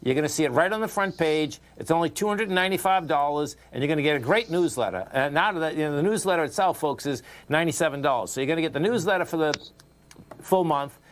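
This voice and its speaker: A man with a Boston accent hosting a financial radio show, excitable and repetitive, talking straight to his listeners. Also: a little high, fast talker. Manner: excitable, repeats himself, talks straight to listeners.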